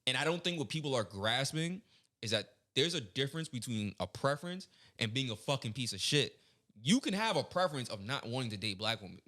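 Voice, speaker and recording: A man's voice: medium pitch, sing-song, brisk, fairly bright tone. A young man co-hosting a podcast, ranting bluntly and profanely in casual chat. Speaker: podcast co-host.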